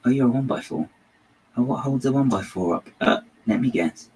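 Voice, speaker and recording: Building LEGO on his channel, this man talks casually and rambles, frequently trailing off into mutters. His mid-range, darkish voice is lively and a little fast, and the rough recording has slight background noise.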